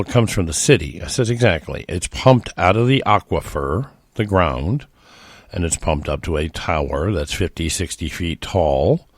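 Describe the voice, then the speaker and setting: A middle-aged man from the United States rambles through a folksy story as a talk host, restarting sentences as he goes. His voice sits very low, and the recording is dry and close. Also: dry recording. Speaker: podcast host. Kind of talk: casual storytelling monologue.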